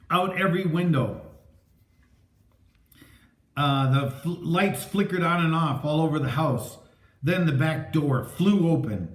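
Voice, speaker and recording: A man narrating a story aloud with a dramatic, lively reading. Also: mid-range voice. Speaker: audiobook narrator. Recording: echoey room.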